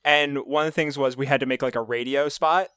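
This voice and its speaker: A man's voice: medium pitch, steady tone, fairly quick, pushed and bright, smooth, no echo, studio quality. A man chatting casually on a podcast, rambling with stumbles and restarts.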